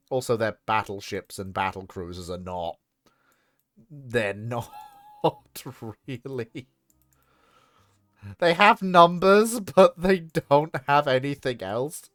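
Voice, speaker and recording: A man's voice: mid-range voice, animated, takes it slowly, long pauses, fairly bright tone, no room sound, studio quality. A man streaming a naval strategy game, chatting casually, laughing often, swearing and putting on mock dialogue. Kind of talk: casual gaming commentary.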